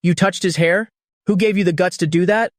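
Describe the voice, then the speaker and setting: A man's voice: high-pitched, fairly even intonation, brisk, no room sound, clean studio sound, pitched above the performer's own voice, close to an everyday voice. A man voicing a cold, domineering young woman president who speaks in a cool, indulgent, teasing way, in an audiobook reading.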